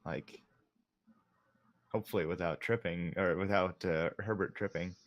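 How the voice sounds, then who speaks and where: A man's voice: low-pitched, moderate pace, dull audio. A man playing in a tabletop game, thinking aloud and chuckling often. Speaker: player.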